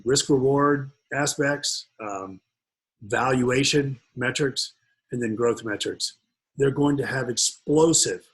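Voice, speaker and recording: Male webinar host, husky voice, rambling jokey delivery full of fillers. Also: mid-range voice, low-quality recording. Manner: rambling, joking, many fillers. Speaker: webinar host and investment speaker. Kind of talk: casual webinar talk with jokes.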